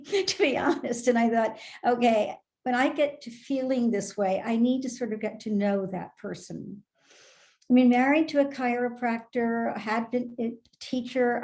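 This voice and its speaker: An older woman, a school consultant, thoughtfully telling a story of her experience on a video call, candid and laughing softly. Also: a little high. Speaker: Montessori consultant. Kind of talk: storytelling in an online town hall.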